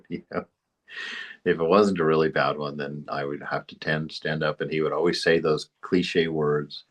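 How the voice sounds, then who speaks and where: A man's voice: extremely low pitch, fairly bright tone. A man giving an informal spiritual teaching, rambling into anecdotes and chuckling often. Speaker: spiritual study group teacher.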